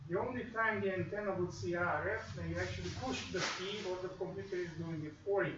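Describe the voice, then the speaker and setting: A man's voice: high-pitched, fairly even intonation, quick pace, noisy background. A man teaching a radio course, explaining in a lecture style and acting out examples in quoted asides. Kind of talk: classroom lecture. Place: classroom. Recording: echoey room, far from mic, dull.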